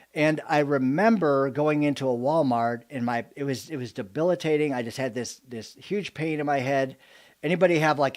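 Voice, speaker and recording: A man with a slightly high voice gives a motivational talk to a live audience. He tells stories in an animated way and throws jokes and questions to the listeners. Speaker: business coach.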